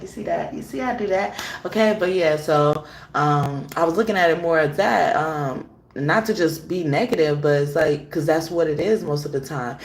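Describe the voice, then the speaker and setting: A woman's voice: low voice, normal speed, slight background noise. Chatty woman tarot host, roomy echo. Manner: chatty, laughs often, loose storytelling. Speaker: tarot reader and show host. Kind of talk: casual tarot reading chat.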